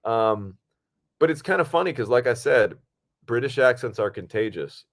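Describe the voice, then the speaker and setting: A man co-hosting a podcast who tells behind-the-scenes stories in a loose, animated way, with plenty of swearing. His voice sits at a medium pitch for a man. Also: normal speed. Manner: profane, animated storytelling. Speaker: podcast co-host and actor. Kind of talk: casual chat.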